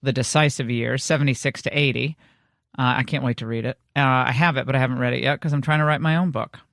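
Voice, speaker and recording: A woman hosting a talk show, brisk, teasing and opinionated as she chats with callers and guests. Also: rumbling low, steady tone, creaky, no room sound, clean studio sound. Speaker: talk radio host. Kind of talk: opinionated talk radio monologue and chat.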